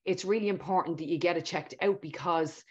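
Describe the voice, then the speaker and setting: A woman's voice: lowish voice, brisk, a little mellow, breathy edge. A woman hosting a podcast interview, speaking emphatically and reassuring her guest. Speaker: podcast host. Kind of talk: conversational interview. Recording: dull lo-fi sound.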